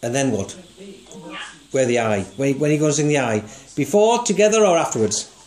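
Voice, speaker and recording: Over music, an animated man with a mid-range voice speaks fairly quickly as he teaches songwriting to a single student. Patient and supportive, he asks leading questions and sings short notes to demonstrate.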